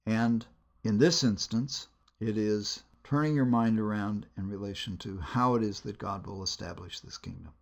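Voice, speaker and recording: A man giving a teaching lecture on biblical storytelling, measured and deliberate, pausing with hesitations between phrases. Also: on the low side, gravelly. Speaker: Bible lecturer.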